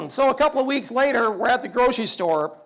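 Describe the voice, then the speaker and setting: A man's voice: extremely high pitch, lively intonation, moderate pace, fairly bright tone. A man giving a storytelling talk about fatherhood with wry, self-deprecating humor. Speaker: public speaker.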